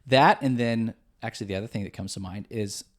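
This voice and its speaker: A man's voice: fairly low pitch, a little fast. A young man from the Midwest US, co-hosting a podcast in easygoing casual chat with many fillers. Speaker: podcast co-host.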